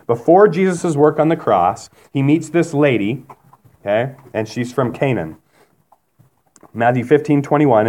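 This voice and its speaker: A man's voice: medium pitch, darkish tone. Guy preaching a sermon, chatty, keeps asking the crowd questions, acts out the quotes. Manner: conversational, asks the congregation questions. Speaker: pastor.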